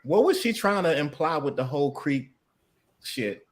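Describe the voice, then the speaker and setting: A man co-hosting a live stream, chatting casually with animated, profane banter. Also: a little high, moderate pace. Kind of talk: casual chat.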